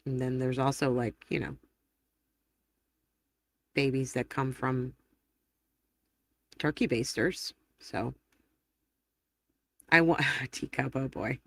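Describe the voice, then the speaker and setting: A woman's voice: extremely low pitch, steady tone, vocal fry, dry recording. Chatty woman hosting a live stream. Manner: chatty and rambling, quick laughs and self-corrections. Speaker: livestream host. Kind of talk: casual livestream chat, reading viewer comments aloud.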